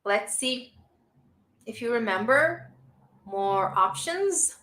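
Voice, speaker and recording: Slow, bright-voiced Brazilian English teacher. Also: female voice, fairly high pitch, animated, reverberant. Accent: Brazilian Portuguese. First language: Portuguese. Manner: encouraging, praising learners often. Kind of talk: live online English lesson.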